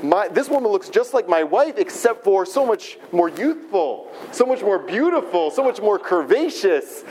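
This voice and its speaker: A man's voice: sits high, big pitch swings, moderate pace, hardly any pauses, darkish tone, slight background noise. A man voicing a discontented grown man who gushes over everything he sees. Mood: delighted.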